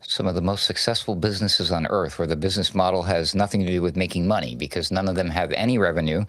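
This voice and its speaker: A man's voice: low voice, a bit bright, dry recording. A man co-hosting a casual political commentary chat, sarcastic and joking as he muses. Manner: sarcastic, joking, drawn-out musing. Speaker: co-host.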